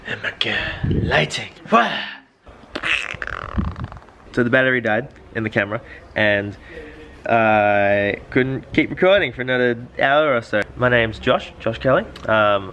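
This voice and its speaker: A man's voice: medium pitch, lively intonation, moderate pace, long pauses, sharp tone. A man with an Australian accent, talking casually to a handheld camera in his car as a first-time vlogger, rambling and joking at his own expense. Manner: rambling, joking, self-mocking. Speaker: personal trainer vlogging his day.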